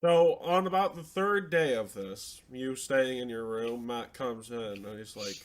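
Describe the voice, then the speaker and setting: A man narrating as game master in a tabletop role-playing game, talking in an animated, conversational way. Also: mid-range voice, unhurried.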